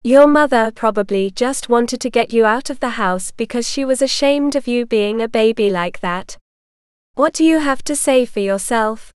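A woman voicing a gruff, cruel middle-aged woman who talks down to people with a sneer. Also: on the high side, moderate pace, dry recording, clean studio sound, lightly acted.

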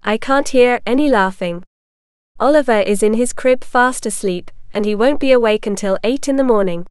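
A woman reading the part of a calm, self-assured woman who answers in a matter-of-fact way. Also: on the high side, normal speed, clean tone, no echo, studio quality, natural voice.

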